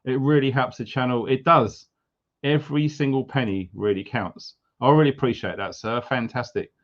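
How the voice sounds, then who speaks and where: A man's voice: medium pitch, moderate pace. A middle-aged man from England hosting a casual livestream, chatty and upbeat as he greets viewers with jokey asides. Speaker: livestream host. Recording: slightly dull lo-fi audio.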